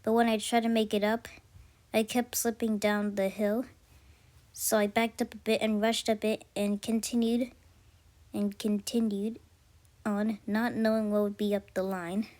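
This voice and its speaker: A woman narrating a first-person story aloud in an amateur way, halting often and correcting herself mid-sentence. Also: medium pitch, flat delivery, a little mellow. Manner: halting, frequent self-corrections. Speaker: story reader.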